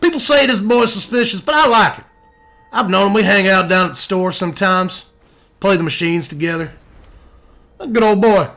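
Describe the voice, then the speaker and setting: A man voicing a brash, folksy older country man with a gravelly drawl while commentating a card game. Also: medium pitch, completely flat delivery, racing, hardly any pauses, a bit bright, voice pushed down, close to an everyday voice. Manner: taunting, cocky country talk.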